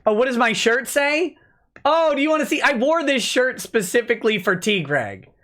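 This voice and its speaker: A man's voice: extremely high pitch, sing-song, normal speed, sharp tone. A man hosting a casual livestream, joking and rambling while reading out chat messages. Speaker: livestream host, lawyer.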